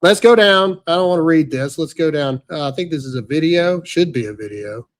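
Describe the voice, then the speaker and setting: A man's voice: fairly high pitch, expressive, fairly quick. A man hosting a podcast, talking in a brash, sarcastic, ranting way, including an ad read. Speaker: podcast host. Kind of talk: casual commentary with ad read.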